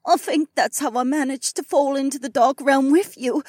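A remorseful young witch girl, voice pushed up into a thin, teary squeak, performed by a male narrator. She pleads in a small, wavering tone, full of apology. The sound is dry and close. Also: very animated, takes it slowly, dry recording, exaggerated voice. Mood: tearful, pleading. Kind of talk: audiobook character voice.

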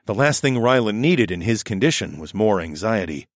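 A man's voice: lowish voice, big pitch swings, moderate pace, dry recording, clean studio sound. A man narrating a story expressively in a scripted audiobook reading.

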